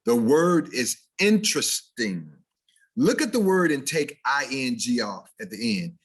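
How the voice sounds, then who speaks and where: Over a video call, this diction instructor coaches standard American speech in a mid-range voice with a breathy edge, at normal speed. He mimics mistakes in a lively, mock-playful way before fixing them.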